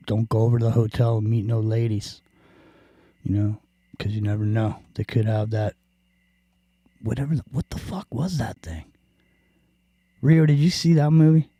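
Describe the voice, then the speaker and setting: A man's voice: fairly low pitch, warm tone, dry recording. A man hosting a podcast in casual chat, rambling and joking with plenty of swearing. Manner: rambling, profane, jokey. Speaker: podcast host.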